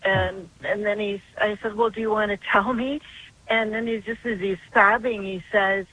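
A woman's voice: medium pitch, fairly even intonation, normal speed, fairly bright tone, slight background noise, low-quality recording. An older woman, a grandmother, calling in to a radio show and telling a long story in an earnest, chatty way. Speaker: caller. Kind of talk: phone-in call.

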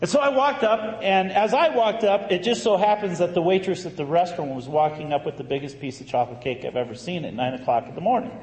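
Animated male priest in an echoey hall. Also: high voice, fast talker, few pauses, slight background noise. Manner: animated, conversational storytelling with sudden emphatic bursts. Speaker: Catholic priest. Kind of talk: storytelling sermon. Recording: echoey hall, faint ambience.

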